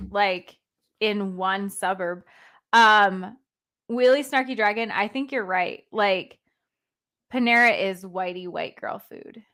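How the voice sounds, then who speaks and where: A woman co-hosting a political stream from Connecticut, with snarky, deadpan humor. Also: mid-range voice. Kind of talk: casual political chat.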